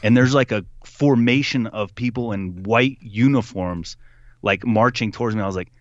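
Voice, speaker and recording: A young man telling a story in casual conversation, animated, putting on voices for the people he quotes and laughing often. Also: on the low side, normal speed, no echo, muffled recording. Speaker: podcast guest.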